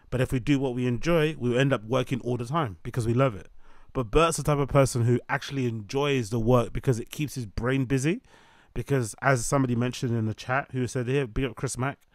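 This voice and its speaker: A man's voice: mid-range voice, darkish tone, dry recording, clean studio sound. A man giving opinionated commentary, ranting and mocking in long repetitive lists.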